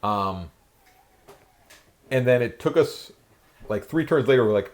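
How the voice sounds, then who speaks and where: A man's voice: mid-range voice, expressive, unhurried, long pauses. A man hosting a casual podcast, reading trivia questions to his family and talking through his card game plays with frequent laughs. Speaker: podcast host.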